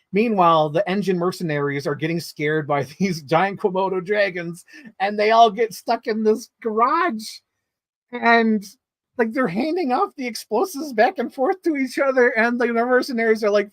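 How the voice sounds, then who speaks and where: A man casually reviewing movies in a vlog, telling stories in an excitable, rambling way full of swearing and filler words. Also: high-pitched, no echo, clean studio sound.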